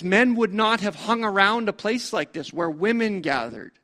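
A man's voice: sits high, expressive, a little slow, pushed and bright. A man preaching a storytelling sermon in a conversational way, full of rhetorical questions.

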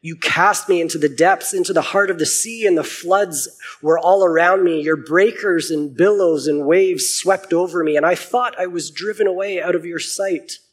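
A man reading out the prayer of Jonah in an earnest, husky reading voice. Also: high voice, normal speed, pitched above the performer's own voice. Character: Jonah, a man praying from the fish's belly.

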